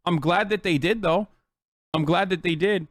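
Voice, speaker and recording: A man's voice: sits high, moderate pace, no room sound. A man in his thirties streaming, ranting heatedly about politics to his chat, emphatic, profane and repetitive.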